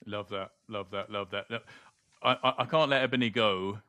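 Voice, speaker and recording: Bright-voiced enthusiastic male podcast host. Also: on the low side, normal speed, no echo. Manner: enthusiastic, repeats himself, stammering restarts. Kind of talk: casual podcast conversation.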